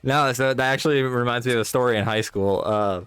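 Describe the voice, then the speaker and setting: A young man chats casually on a game stream at an ordinary midrange pitch, stringing his story together with filler words and restarts. Faint music plays under his voice. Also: a little fast, a bit bright, smooth, no room sound. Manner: coaxing baby talk to his dog, rambling anecdotes full of fillers.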